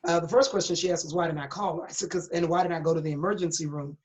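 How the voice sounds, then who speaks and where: Speaking very fast in a lowish, darkish voice with a steady tone, this middle-aged woman pastor tells her story as a guest in an interview. Her testimony is candid and earnest, delivered with preacherly emphasis over a dull lo-fi recording.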